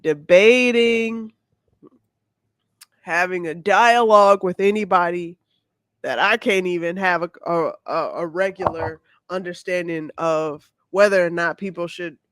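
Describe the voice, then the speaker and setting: A man co-hosting a casual podcast, speaking in a measured, hesitant way with frequent restarts. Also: sits high, fairly bright tone, no echo, studio quality. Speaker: podcast co-host.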